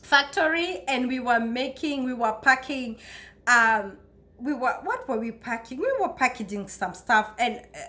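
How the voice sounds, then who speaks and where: A woman from Kenya with a Kenyan accent, telling stories about her life abroad in a chatty, expressive way and often breaking into laughter. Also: on the high side, a little slow. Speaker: vlogger. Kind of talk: casual storytelling to camera.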